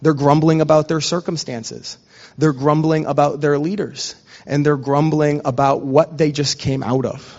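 A man preaching a sermon, telling funny family stories and acting out quick quoted exchanges before moving into scripture. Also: fairly high pitch, fairly even intonation, a little mellow, dull audio. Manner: storytelling with quick quoted asides, conversational. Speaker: pastor.

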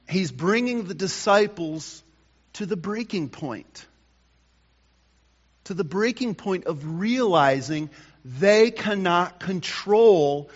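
A male pastor delivering a morning sermon, slow and emphatic, rising to loud bursts and dropping to quiet lines. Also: on the high side. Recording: dull sound with long hall reverb.

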